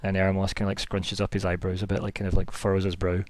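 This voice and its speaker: A young man runs a tabletop game, narrating in a loose, chatty ramble full of ums and likes. His voice sits low and the sound is dry and close. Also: monotone, quick pace, no room sound. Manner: rambling, chatty, many fillers. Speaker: game master.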